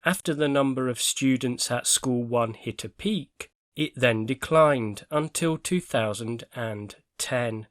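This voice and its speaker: A male English teacher talks through a vocabulary lesson at an unhurried pace, every word set down clearly and deliberately. His voice sits at an ordinary pitch and is recorded very dry and close, with no room sound around it. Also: no echo. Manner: clear, measured explanation with careful word stress.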